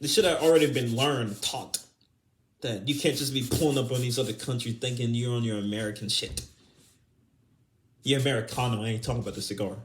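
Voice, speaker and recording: A man's voice: mid-range voice, a little fast, slight background noise. Profane, heated young man ranting. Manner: profane, heated, breaks into laughter. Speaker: podcast host. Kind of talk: casual ranting monologue.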